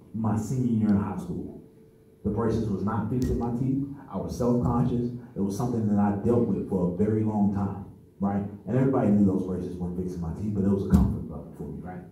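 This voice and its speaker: Man in his 30s, storytelling testimony speaker, very mellow dark voice, low-ish pitch. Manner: conversational storytelling, often checks in with "right?". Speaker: conference speaker. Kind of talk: personal testimony speech. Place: meeting room at a men's conference. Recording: echoey room, mic far off.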